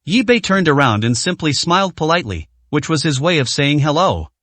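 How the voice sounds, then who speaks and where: A man's voice: a little high, sing-song, a little fast, a bit bright, no room sound. Male audiobook narrator, dry and close. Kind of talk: reading a serialized web novel aloud.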